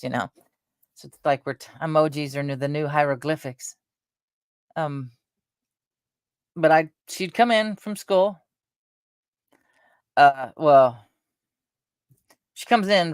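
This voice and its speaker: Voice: mid-range voice, clean tone, no room sound. Middle-aged vlogger, chatty and meandering, dry close sound. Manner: meandering, chatty, lots of fillers and restarts. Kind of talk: casual rambling chat.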